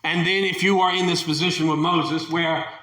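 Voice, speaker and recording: A man's voice: on the high side, steady tone, normal speed, sharp tone, echoey room. A man preaching a sermon in a fervent way, building to emphatic peaks and sometimes restarting his sentences.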